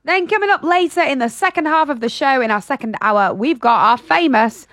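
A woman's voice: high-pitched, expressive, fairly quick, a bit bright, no room sound. A woman co-hosting a morning radio show, chatty and playful, going off on giggly tangents. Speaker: radio co-host. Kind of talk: breakfast radio chat.

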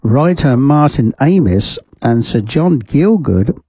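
A man's voice: mid-range voice, expressive, slow, warm tone, husky, no room sound. A man presenting a community radio show from the studio, chatting casually and rambling with fillers and amused laughs. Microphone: studio microphone.

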